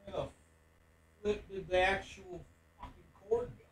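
A man's voice: sits high, fairly even intonation, measured pace, a bit bright, slightly rough. A man hosting his own gaming live stream, laid-back and casual, addressing his chat and swearing freely.

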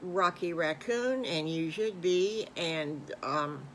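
Slow-telling older woman storyteller. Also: fairly low pitch, a little hiss or hum. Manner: homespun, meandering and animated at emotional moments. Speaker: grandmother storyteller. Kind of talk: improvised bedtime storytelling.

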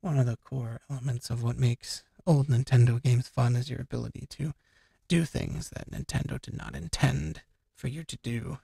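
Game music plays behind a young streamer who keeps up a jokey, rambling, swear-heavy commentary on his let's-play. His medium-pitched voice is warm and slightly rough with vocal fry, fairly even intonation and a normal speed, and there's no echo.

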